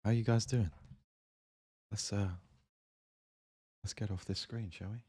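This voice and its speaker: A man with a low voice hosts a casual livestream from his home studio. He talks in a loose, friendly way and greets viewers one by one as they join. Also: measured pace, slightly rough. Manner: relaxed, chatty, greets viewers by name. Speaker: music producer hosting a livestream. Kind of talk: casual live-stream chat.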